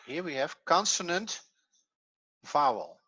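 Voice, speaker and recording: A middle-aged man teaching a grammar lesson, explaining slowly and step by step, a non-native English speaker whose first language is Dutch. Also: a little high, big pitch swings, pushed and bright, slightly rough, no room sound, lo-fi sound. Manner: slow, methodical explaining step by step. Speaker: Hebrew teacher.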